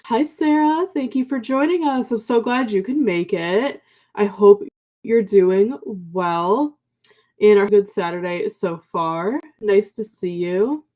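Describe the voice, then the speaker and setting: Young woman host, mellow sleepy morning voice, chatty filler-heavy livestream talk. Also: medium pitch, takes it slowly. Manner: chatty, many ums and likes, warm thanks to viewers. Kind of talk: casual livestream chat reading viewer comments.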